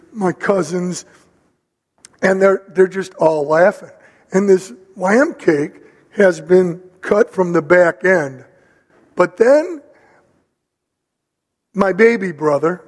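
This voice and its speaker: An older man preaching a sermon, telling a family story in an animated, conversational way. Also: high voice, in a large hall. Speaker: pastor.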